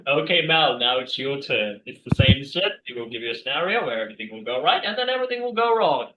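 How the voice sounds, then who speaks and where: A man hosting an improv game, giving brisk instructions and chuckling asides over a video call. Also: mid-range voice, sing-song, background noise. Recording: distant, dull, echoey mic.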